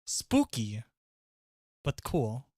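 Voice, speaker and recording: A male streamer chatting casually to viewers on a live stream, excitable and loud, swearing and laughing often. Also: mid-range voice, extremely slow, no room sound, clean studio sound.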